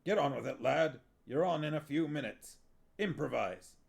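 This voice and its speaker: A man voicing a bossy, theatrical dwarf who directs a stage play and barks orders like a drill sergeant, with a gravelly rasp. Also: a little high, animated, normal speed, pitched above the performer's own voice. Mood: brusque.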